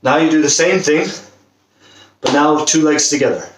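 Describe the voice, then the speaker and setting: Coaching a football fitness workout, a man cheers people on and demonstrates the exercises while talking, sometimes out of breath. His voice is a little high and fairly bright at a moderate pace, caught by a distant camera mic in a roomy space with faint noise.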